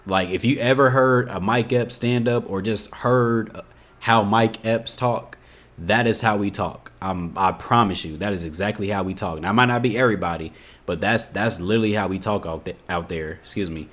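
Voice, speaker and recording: A young man with an Indiana accent talks through a reaction video in a lowish voice. He is animated and a bit exasperated, and he leans on casual filler phrases as he explains himself. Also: normal speed. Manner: animated, exasperated, keeps saying "you know what I'm saying".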